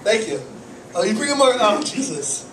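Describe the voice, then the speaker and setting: A man's voice: sits high, very animated, moderate pace. A man doing a rambling, self-deprecating stand-up comedy set, swearing and fretting, while he has a cold. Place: small cafe comedy night, from the audience area. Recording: echoey cafe room, camera far off, audible noise.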